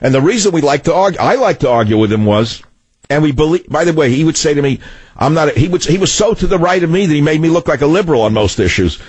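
Loud combative New York radio host. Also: male voice, on the high side, animated, quick pace, husky, no room sound. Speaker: radio talk show host. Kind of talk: talk radio monologue.

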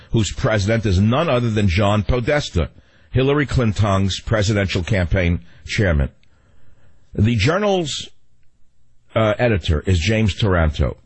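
A low, husky-voiced man hosting talk radio. He holds forth in a combative, sarcastic monologue that wanders off into rambling asides, close on a studio mic.

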